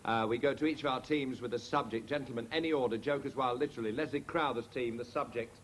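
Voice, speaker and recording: A man hosting a comedy panel game, briskly calling out scores and joking with the players. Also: mid-range voice. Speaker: quiz host. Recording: noisy old TV archive recording.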